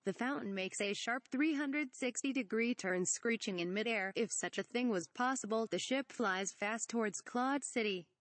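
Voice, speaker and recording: A woman's voice: a little high, moderate pace, few pauses, fairly bright tone, no room sound. A woman reading a parody script aloud, stage directions and all, saying "asterisk" for the bleeped words. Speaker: reader.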